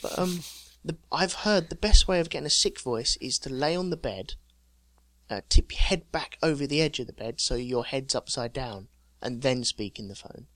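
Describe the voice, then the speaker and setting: A man's voice: medium pitch, normal speed, fairly bright tone, no room sound. Male co-host, jokey storyteller, dry close-mic sound. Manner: jokey storyteller, reading out news items with chuckles. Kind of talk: casual chat.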